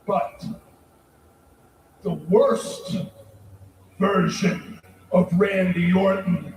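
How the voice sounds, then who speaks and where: A man's voice: high-pitched, fairly even intonation, slight background noise. Male wrestler, menacing arena promo, roomy distant arena sound. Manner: menacing, deliberate, bursts into shouts. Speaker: pro wrestler. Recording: echoey arena from far off.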